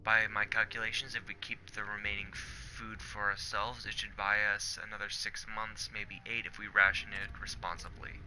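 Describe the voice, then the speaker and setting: Bright-toned man chatting over gameplay. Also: fairly low pitch, level tone, normal speed, few pauses, a little hiss or hum. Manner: profane, rambling, joking. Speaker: gamer. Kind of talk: casual gameplay chat.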